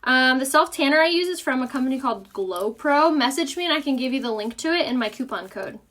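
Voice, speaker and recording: A woman's voice: high-pitched, expressive, fast, a bit bright. A young woman with a Southern US accent hosting a casual live makeup tutorial, chatty and upbeat as she answers viewer comments.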